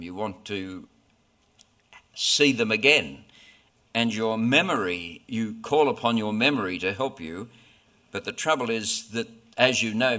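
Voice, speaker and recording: A man preaching a sermon in a slow, deliberate, earnest way, pausing often between phrases. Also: on the low side, pushed and bright. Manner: slow, deliberate, earnest delivery with frequent pauses.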